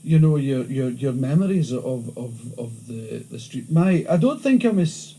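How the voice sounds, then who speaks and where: A man with a thick Glasgow accent, talking through an interview in lively stories full of restarts. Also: medium pitch, measured pace, slightly rough, low-quality recording. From Scotland. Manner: animated storytelling, frequent restarts. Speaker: interviewee, comedian. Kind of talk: candid interview chat. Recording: old VHS tape with faint hiss.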